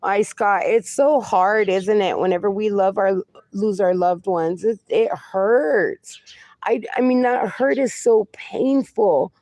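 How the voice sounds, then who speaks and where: A woman in her forties hosts a casual livestream in a medium-pitched, darkish voice, speaking slowly with no echo. She reads viewer comments aloud and answers them fondly, calling people "my darling" and "my friend."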